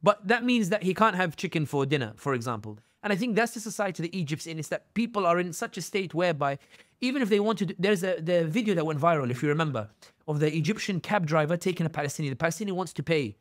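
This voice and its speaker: A man's voice: a little high, fast, no room sound, studio quality. A man speaking as a guest on an interview podcast, telling stories with feeling and acting out the voices of people he quotes. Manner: animated storyteller, acts out quoted voices. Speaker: guest commentator.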